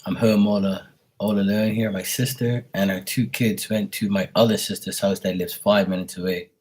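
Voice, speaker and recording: A man on a live stream at home, greeting viewers by name in a relaxed, affectionate way. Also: on the low side, normal speed. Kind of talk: casual live-stream chat.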